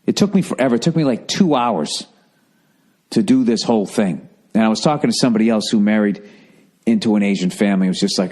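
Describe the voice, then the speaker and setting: A man in his fifties with a Boston accent, hosting a podcast and telling a profane, animated comedic story. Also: on the low side, fast talker. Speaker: podcast host. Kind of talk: casual comedic monologue.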